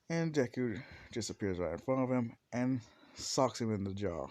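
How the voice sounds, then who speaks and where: A man's voice: medium pitch, lively intonation, moderate pace, darkish tone, no room sound. A man casually telling a fan-fiction story in a rambling, profane way with frequent restarts.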